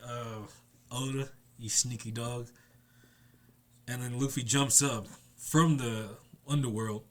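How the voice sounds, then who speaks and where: A man's voice: mid-range voice, steady tone, takes it slowly, fairly bright tone. A young man reviewing an anime chapter in a casual, rambling way. He laughs often and acts out the characters' lines in playful voices.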